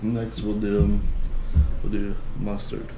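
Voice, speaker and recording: A man's voice: fairly low pitch, completely flat delivery, takes it slowly. A man chatting casually through a taste-challenge vlog, exclaiming and groaning at what he tries. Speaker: vlogger. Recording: echoey room with loud background noise.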